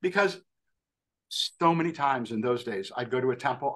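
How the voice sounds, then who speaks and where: Bright-voiced older man. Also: medium pitch, normal speed. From New York, USA. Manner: animated, acts out quoted voices, self-deprecating. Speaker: podcast guest. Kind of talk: storytelling anecdote.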